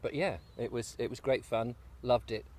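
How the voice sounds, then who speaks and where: A man with a medium-pitched, darkish voice speaks at a moderate pace, with a little hiss or hum audible. He's a guest and video maker chatting in a rambling, jokey way over breakfast outdoors on an allotment, sometimes with his mouth full.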